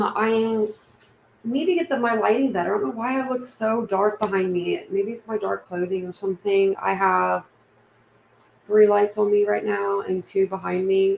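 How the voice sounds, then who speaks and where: A woman's voice: medium pitch, creaky, echoey room, slight background noise, rough recording. A woman with a Southern accent hosting a casual livestream from home, rambling and chatty with lots of fillers. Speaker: livestream host. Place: room at home.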